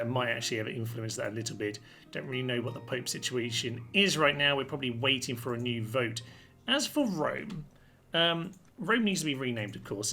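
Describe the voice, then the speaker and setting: A man chats through a strategy game with cheerful, mock-grand commentary. His voice is bright and forward. Faint music plays softly beneath him. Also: medium pitch. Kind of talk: let's-play commentary.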